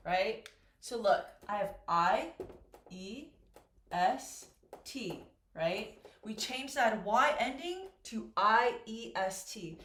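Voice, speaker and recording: A woman's voice: mid-range voice, lively intonation, slow pace, fairly bright tone, a little hiss or hum. A woman teaching English, explaining grammar patiently and repeating key words while checking that her students follow. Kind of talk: slow, clear classroom explanation. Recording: echoey room.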